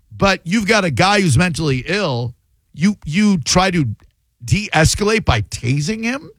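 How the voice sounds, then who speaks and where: A man's voice: fairly high pitch, a bit bright, no echo, rough recording. A man hosting a call-in radio talk show, speaking in an emphatic, opinionated and jokey way.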